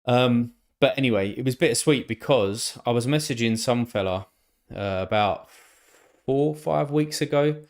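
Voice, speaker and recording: A man's voice: mid-range voice, moderate pace, darkish tone. A man chatting casually on a live stream, rambling and thinking aloud with lots of fillers and the odd swear word.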